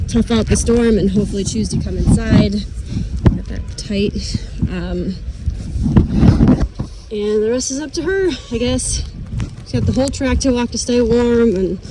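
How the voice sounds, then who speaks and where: A woman's voice: mid-range voice, measured pace. A woman chatting casually as she vlogs from her farm during a windy snowstorm. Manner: chatty, talks softly to her cats. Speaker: vlogger on a horse farm. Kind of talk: casual vlog chat.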